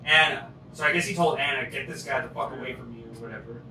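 A man's voice: mid-range voice, fast. A man hosting a podcast, telling stories casually with a lot of laughing and swearing. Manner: laughing often, swearing storyteller. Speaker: podcast host. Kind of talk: casual chat. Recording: echoey room, faint noise, far mic.

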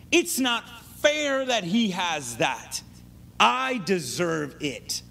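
A man preaching a sermon in an animated way, often checking in with his listeners. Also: high-pitched, a little hiss or hum.

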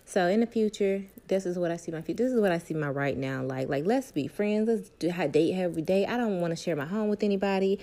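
A woman's voice: on the low side, dark tone. A young woman, talking candidly and emphatically to her viewers about her love life and self-worth, repeating points for stress. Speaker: vlogger.

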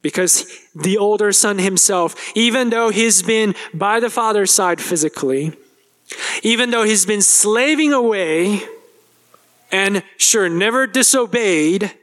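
A man preaching a sermon as pastor, speaking straight to the congregation and acting out a character's complaint with a rising voice. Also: a little slow. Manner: animated, acts out the older brother's complaint with rising pitch; addresses the congregation directly, asks questions.

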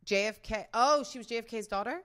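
A woman's voice: fairly high pitch, fairly quick, a bit bright. A woman chatting casually as a guest guessing celebrity scandals, blunt and rambling, swearing freely and laughing often. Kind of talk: casual unscripted chat.

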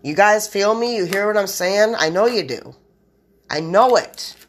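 A woman's voice: medium pitch, lively intonation, a little slow, slight background noise. A woman hosting a solo podcast, rambling in blunt, profane run-on sentences straight to her listeners. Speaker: podcast host.

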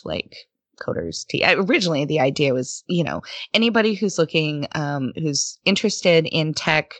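Podcast guest, woman, low voice, dry close mic, animated storyteller who laughs a lot. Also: no room sound. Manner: animated storyteller, laughs often, mimics people in quoted voices. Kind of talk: casual interview conversation.

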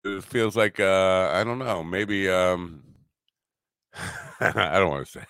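A middle-aged man hosting a talk radio show, chatting casually and rambling, halting often with fillers and self-deprecating asides. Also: sits low, fairly bright tone, clear, resonant tone, no echo, studio quality.

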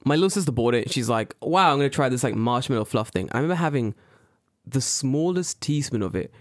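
A young man from the UK, co-hosting a casual podcast chat, telling stories in an animated, slangy way and acting out the people he quotes. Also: fairly quick, no echo, studio quality. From United Kingdom. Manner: animated storytelling, acts out quoted people with big pitch jumps; swears freely, slangy. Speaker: podcast co-host.

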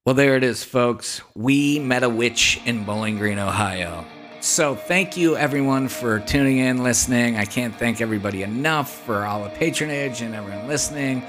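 A man hosting a podcast, telling a story in animated, casual fashion with frequent swearing. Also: medium pitch, moderate pace, faint music behind. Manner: animated, swears freely, hushes for quoted whispers. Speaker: podcast host.

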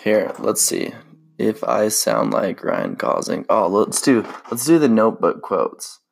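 A man's voice: on the low side, animated, a little slow, gravelly. A young man hosting a casual solo podcast, rambling in a laid-back way with lots of slang and fillers. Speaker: podcast host.

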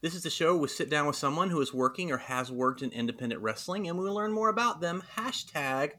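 A man's voice: fairly high pitch, animated, fast talker, pushed and bright. A man with a Southern US accent from Alabama, hosting an interview in a chatty, folksy way and laughing often. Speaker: podcast host. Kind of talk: casual interview chat.

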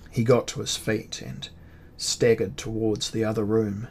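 A man narrating a fantasy story aloud, reading in a measured, even storytelling manner and voicing the characters himself. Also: lowish voice, a little hiss or hum.

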